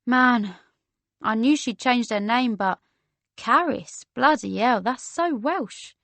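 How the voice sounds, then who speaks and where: A woman's voice: a little high, takes it slowly, a bit bright, no room sound. A woman voicing a friendly, laid-back young woman with a London accent who talks in casual slang. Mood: easygoing. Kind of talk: audiobook character voice.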